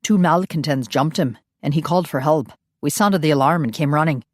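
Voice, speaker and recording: Male vampire fighter, brisk report, read by a woman, low, dry. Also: dry recording. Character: male vampire fighter in Santa suit, matter-of-fact.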